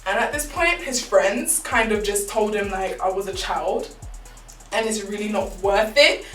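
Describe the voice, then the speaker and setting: A young woman telling a casual, animated storytime full of slang. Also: mid-range voice, unhurried. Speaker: vlogger. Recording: roomy, distant mic, faint background music.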